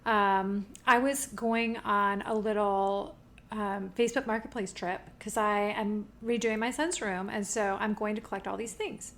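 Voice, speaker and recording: A woman in her forties co-hosting a podcast, telling a story in a casual, animated way and acting out what people said. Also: medium pitch, unhurried. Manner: animated storyteller, acts out quoted voices. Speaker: podcast co-host.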